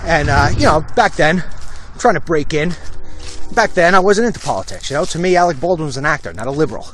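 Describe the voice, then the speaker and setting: Animated New man telling stories. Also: fairly high pitch, racing, soft background music. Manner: animated storytelling, mocking impressions. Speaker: host. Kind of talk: walk-and-talk vlog rant. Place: outdoors, walking.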